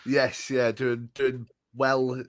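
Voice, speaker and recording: A man's voice: medium pitch, level tone, drawn-out words. A man co-hosting a casual fan podcast, stammering and chuckling between thoughts. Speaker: podcast co-host.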